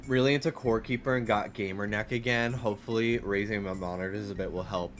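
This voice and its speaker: A man's voice: on the low side, brisk, faint music behind. A young man with a faint New York accent, a streamer chatting casually and rambling with his live chat, full of fillers. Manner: rambling, animated, frequent fillers.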